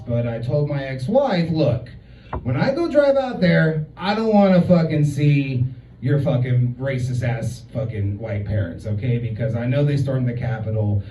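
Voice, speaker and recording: A man's voice: mid-range voice, mellow, slight background noise. A man in his thirties telling a story as a stand-up comedian, profane and chatty with many filler words. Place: comedy club stage. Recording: roomy, distant, muffled club recording.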